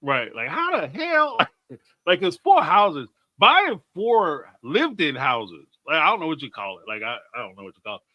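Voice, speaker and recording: A man co-hosting a casual chat show, talking in an animated way, laughing often and reading out viewer comments. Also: a little high, moderate pace, no room sound, highs cut off. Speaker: co-host.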